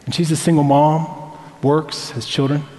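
Preaching as a pastor, this man speaks a little slowly in a level, dark tone, his pitch leaning high. His sermon unfolds as conversational storytelling drawn from personal anecdotes, heard through long hall reverb.

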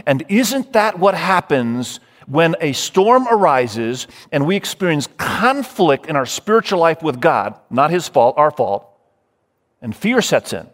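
A man's voice: fairly high pitch, big pitch swings, a little slow. A man preaching a sermon as pastor, emphatic, running through lists and speaking straight to his listeners. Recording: long hall reverb.

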